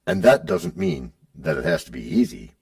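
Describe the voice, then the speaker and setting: A man's voice: extremely low pitch, moderate pace, vocal fry, breathy edge, far from the mic. A man hosting a podcast, bantering in a playful, teasing way. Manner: playful, teasing, lively delivery. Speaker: podcast host.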